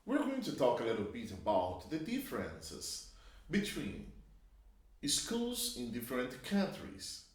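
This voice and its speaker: A man's voice: medium pitch, huge pitch swings, a little slow. A man teaching English grammar, explaining patiently and drawing out each example sentence. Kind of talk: slow, clear classroom explanation. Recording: echoey room.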